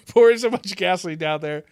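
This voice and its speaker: A man co-hosting a podcast in easygoing chat, his voice smooth and fairly high for a man. He laughs often and leans on ums and uhs. The sound is dry and close. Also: normal speed, dry recording. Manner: laid-back, laughs often, many fillers. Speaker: podcast co-host. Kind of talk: casual chat.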